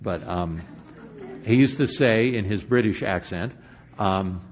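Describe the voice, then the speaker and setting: An older man preaching a sermon as pastor, moving between emphatic points and hushed, quiet stretches. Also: on the low side, slow, lo-fi sound, a little hiss or hum.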